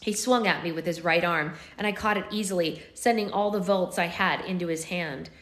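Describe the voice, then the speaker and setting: A woman's voice: fairly low pitch, fairly even intonation, a little fast, fairly bright tone. A woman hosting a live book club, reading a novel aloud and chatting casually with her viewers. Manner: casual, chatty between chapters. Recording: echoey room.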